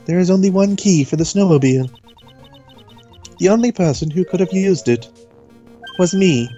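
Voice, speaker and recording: Gentle, earnest young temple woman, a man doing her with a mock British lilt, raised pitch. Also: expressive, normal speed, muffled recording, faint music behind. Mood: apologetic. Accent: British, put on. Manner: polite, earnest reading of game text. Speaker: let's play voice actor.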